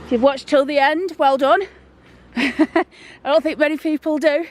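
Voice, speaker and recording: Her voice sits high, with fairly even intonation and a measured pace, as this woman vlogger walks outdoors through town holding her phone. She rambles casually and down-to-earth, a bit out of breath, in a walk-and-talk vlog.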